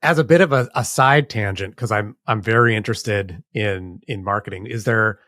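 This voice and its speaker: Halting man hosting a podcast. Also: fairly low pitch, a bit bright, no room sound, studio quality. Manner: halting, repeats words while forming questions. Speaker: podcast host. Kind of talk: podcast interview.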